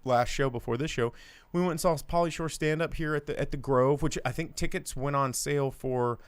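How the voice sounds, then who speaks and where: A male podcast co-host rambling and joking his way through casual chat, with lots of fillers. His voice is smooth and resonant. It sits close and dry on a studio mic. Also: fairly high pitch, fairly quick, no room sound.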